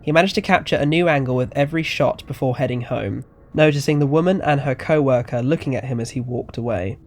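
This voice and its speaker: Guy reading out a spooky story, steady and even, medium pitch. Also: fast. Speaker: narrator. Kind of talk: scripted audio story narration.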